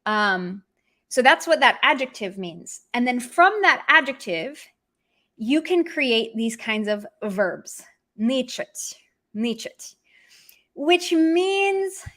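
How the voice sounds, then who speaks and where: A woman's voice: sits high, a bit bright. A woman teaching an online language lesson, talking in a chatty way and acting out sarcastic examples.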